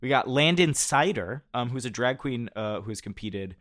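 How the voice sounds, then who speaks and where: An animated man hosting a relaxed conversation, reading through lists and breaking into laughter now and then. His voice sits at an ordinary middle pitch. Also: moderate pace. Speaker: host. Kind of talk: casual chat about award nominees.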